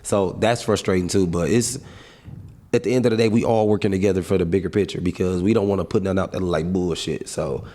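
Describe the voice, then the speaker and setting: Low-voiced man telling stories casually. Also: quick pace. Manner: relaxed storytelling, slangy, animated asides. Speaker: guest, comedian and actor. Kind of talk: casual interview chat.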